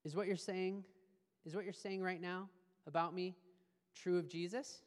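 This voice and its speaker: A man preaching a sermon as a pastor, animated and conversational, with playful asides. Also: high voice, moderate pace, long reverb tail.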